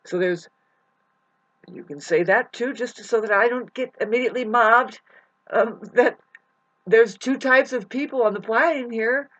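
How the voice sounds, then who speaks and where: Rambling preachy speaker, keeps correcting themselves, middle pitch, dull lo-fi sound. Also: measured pace, fairly bright tone. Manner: wandering, self-correcting, preachy. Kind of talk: rambling monologue. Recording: dull lo-fi recording.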